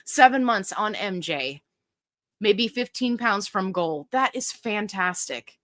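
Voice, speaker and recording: Bright, chatty woman host. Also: on the high side, lively intonation, unhurried, no echo, studio quality. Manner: chatty, upbeat, reads viewer comments aloud. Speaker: livestream host. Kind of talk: casual live Q&A chat.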